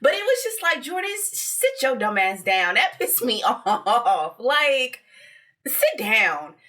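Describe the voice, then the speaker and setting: Bright, animated woman recapping reality TV. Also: on the high side, slow pace. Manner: animated, laughing, blunt and profane. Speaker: podcast co-host.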